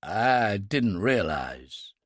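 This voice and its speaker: A man's voice: lowish voice, sing-song, extremely slow, dry recording, clean studio sound, voice pushed down, heavily acted. A man voicing a loyal, anxious older male servant in an audiobook, pleading and heartfelt.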